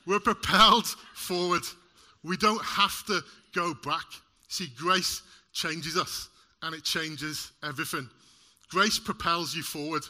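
A man preaching a sermon to a congregation in an animated way, using props and joking with the listeners. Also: on the high side, slow pace. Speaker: lay preacher. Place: church service in front of a congregation.

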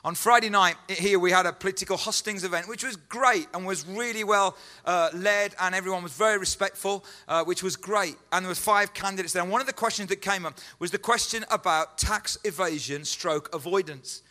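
A man's voice: high voice, brisk, few pauses, pushed and bright. A man preaching a sermon as pastor, earnest and emphatic, repeating key phrases and asking rhetorical questions. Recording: echoey hall.

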